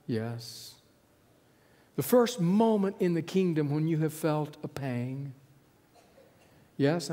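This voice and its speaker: Man preaching slowly in a reverberant hall. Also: fairly high pitch. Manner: storytelling, voicing quiet hushed lines for Jesus and the listener. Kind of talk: sermon with imagined dialogue.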